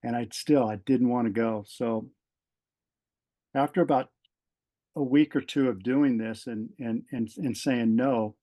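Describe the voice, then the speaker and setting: A man's voice: medium pitch, fairly even intonation, warm tone. Earnest middle-aged man telling his story. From Southern California. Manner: earnest, halting, repeats words as he gathers thoughts. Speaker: podcast guest, retired fire captain. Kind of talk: personal storytelling in an interview.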